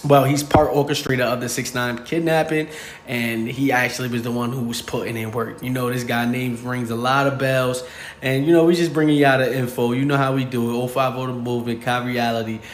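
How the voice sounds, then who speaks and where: A man's voice: mid-range voice, steady tone, a little fast. A man hosting a casual commentary show, explaining in a laid-back way. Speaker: host. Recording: echoey room with faint noise.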